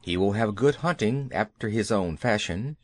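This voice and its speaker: A man voicing a gruff, kindly old male bear in a children's audiobook, low and mumbling. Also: animated, normal speed, no room sound. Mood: grim. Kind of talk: audiobook character voice.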